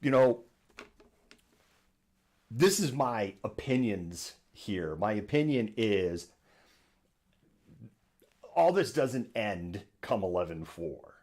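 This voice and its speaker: A man hosts a live political commentary stream from his home studio, with a somewhat low voice. His delivery is sarcastic and animated, and he keeps breaking into mocking impressions of people he disagrees with. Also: slow, long pauses. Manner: sarcastic, acts out imagined voices. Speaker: host of a live political news show.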